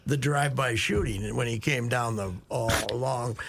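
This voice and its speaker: A man's voice: medium pitch, moderate pace, creaky, fairly bright tone. An older man hosting a radio show, telling rambling sports newsroom stories and laughing often. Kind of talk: casual sports talk and storytelling. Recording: noisy studio recording.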